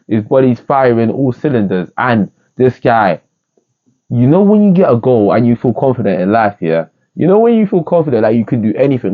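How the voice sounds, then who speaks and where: A man giving a casual, rambling review of a football match, jokey and excitable. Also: medium pitch. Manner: excitable, rambling, jokey, with bursts of singing and quoting. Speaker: football fan vlogger. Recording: tinny phone-like sound.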